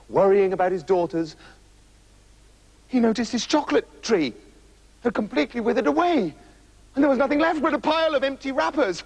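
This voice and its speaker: A man narrates a comic fairy tale with playful asides. His voice sits high and swings widely in pitch. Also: lively intonation, fairly quick, low-quality recording. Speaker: storyteller.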